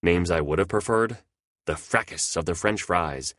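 A man's voice: sits low, moderate pace, fairly bright tone, dry recording, studio quality. A man narrating humorous history in a wry, playful way.

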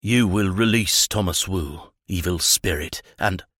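A man's voice: sits low, a little slow, fairly bright tone, no room sound, studio quality. A man voicing a weary old-world priest. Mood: solemn. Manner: weak, solemn commands. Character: weary missionary priest performing an exorcism.

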